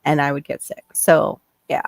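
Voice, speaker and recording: A woman chatting as a guest on a livestream, friendly and quick to laugh. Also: sits low, gravelly, no echo. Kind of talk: casual live chat.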